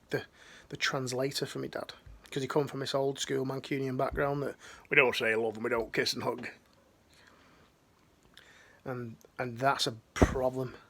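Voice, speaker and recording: Middle-aged man, ex-military life coach, gravelly, slangy and heartfelt, restarts a lot. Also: medium pitch, fairly bright tone. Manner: earnest, slangy, rambling with restarts. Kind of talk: emotional motivational talk.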